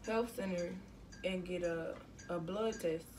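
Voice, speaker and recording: A teenage woman telling her own story in a casual storytime vlog, animated and slangy, with bursts of exclamation. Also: lowish voice, measured pace, recorded from a distance, slight background noise. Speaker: vlogger.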